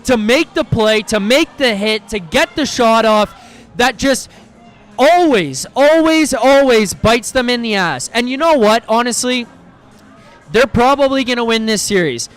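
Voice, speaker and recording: High-voiced man in a fiery rant. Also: normal speed, fairly bright tone, smooth. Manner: heated, profane and exasperated, with repeated stammering restarts. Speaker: host of a live post-game reaction stream. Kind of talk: live post-game rant.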